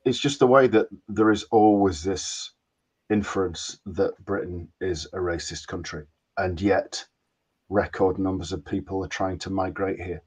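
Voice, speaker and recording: Low husky male panelist. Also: measured pace, darkish tone. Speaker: co-host on a fan review panel. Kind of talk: casual panel discussion.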